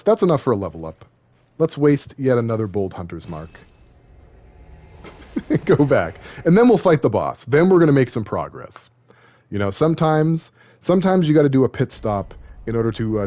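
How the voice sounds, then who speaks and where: A man's voice: on the low side, darkish tone, slight background noise. A young man streaming a game, chatting casually, joking and rambling, often poking fun at himself. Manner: joking, rambling, self-deprecating. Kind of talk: casual live-stream commentary.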